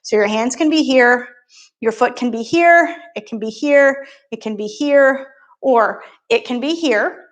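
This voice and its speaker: A woman's voice: fairly high pitch, measured pace. A woman yoga instructor talking a beginner class through poses and breathing, with encouraging, playful step-by-step cues.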